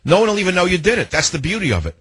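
A man's voice: high voice, sing-song, rapid-fire, a bit bright, breathy edge, dry recording. A man hosting a talk radio show, delivering a combative monologue full of rhetorical questions into a studio microphone.

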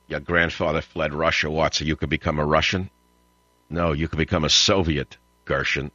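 A man's voice: a bass voice, steady tone, moderate pace, pushed and bright, dry recording, faint music behind. A man hosting a talk radio show, ranting and mocking in a combative monologue. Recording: slightly dull lo-fi broadcast audio.

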